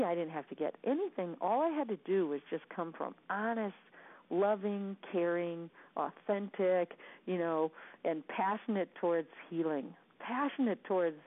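A woman coaching her listeners in an earnest, sincere, repetitive way. Her voice comes through a thin, phone-like channel with narrow range. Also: fairly low pitch. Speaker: sales coach. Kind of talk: motivational coaching talk. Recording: tinny phone-line sound.

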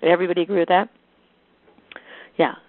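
Woman sales trainer, emphatic and energetic, phone-line sound. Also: on the low side, brisk, no room sound. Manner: energetic, emphatic, repeats key phrases. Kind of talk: coaching talk to a sales team. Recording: tinny phone-like line, dry.

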